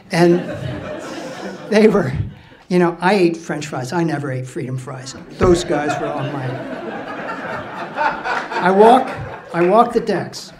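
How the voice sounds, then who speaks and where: A blunt, salty man in his sixties tells a story to a live audience. His voice sits fairly high for a man, and he chuckles at his own telling. He swears freely as he goes. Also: lively intonation, takes it slowly, pauses often, crowd noise. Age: 60s. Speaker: storyteller recounting his time as a ship's officer. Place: stage at a live storytelling event.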